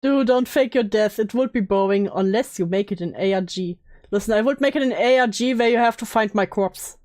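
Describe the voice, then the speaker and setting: A woman's voice: medium pitch, brisk, darkish tone. A woman co-hosting a reaction stream, playful and joking in short interjections. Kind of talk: casual reaction chat.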